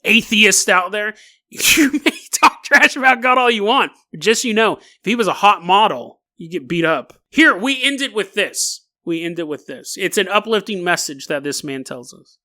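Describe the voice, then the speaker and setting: A man hosting a comedic podcast monologue, talking in an animated, mocking way and laughing often as he reads. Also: high voice, moderate pace. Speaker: podcast host.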